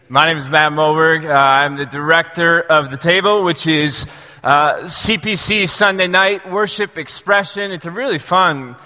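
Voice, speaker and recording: A man preaching a sermon to a congregation in a relaxed, joking, conversational way. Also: on the high side, in a large hall. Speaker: pastor. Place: church sanctuary.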